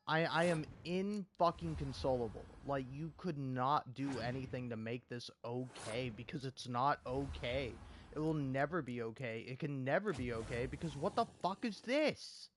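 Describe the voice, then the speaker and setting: A man's voice: mid-range voice, slight background noise. A man in an angry gaming rant, swearing often and repeating himself in exasperation. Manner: profane, repetitive, exasperated ranting. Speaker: gaming video creator.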